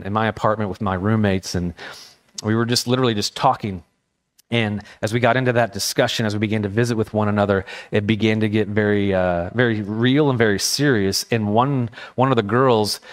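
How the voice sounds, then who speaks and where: A male pastor preaching a sermon, earnest and impassioned, telling personal stories. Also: on the low side. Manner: storytelling with personal anecdotes. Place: church.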